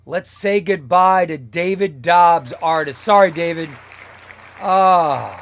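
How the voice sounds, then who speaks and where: High-voiced man hosting a comics stream. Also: lively intonation, takes it slowly, faint music behind. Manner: playful, announcing names one by one. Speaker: comic channel host. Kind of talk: live-stream giveaway chat.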